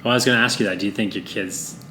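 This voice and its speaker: A man's voice: lowish voice, fairly even intonation, rapid-fire, background noise. Hesitant, rambling middle-aged man. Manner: rambling, hesitant, laughs often. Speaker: podcast host. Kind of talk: casual chat.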